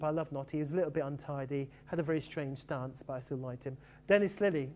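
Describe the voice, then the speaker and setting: A middle-aged man who grew up in England, telling stories about his sporting heroes in a lively, casual way. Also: a little high, a little hiss or hum. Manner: animated, quick storytelling with fond asides. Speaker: author reflecting on cricket. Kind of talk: casual reminiscing talk.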